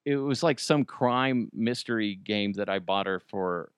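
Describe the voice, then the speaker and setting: A man's voice: lowish voice, a little slow, clear, resonant tone, no echo. Rambling self-mocking man, dry close sound. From Colorado. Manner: rambling, self-deprecating, jokey asides. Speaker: podcast host. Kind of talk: casual solo chat.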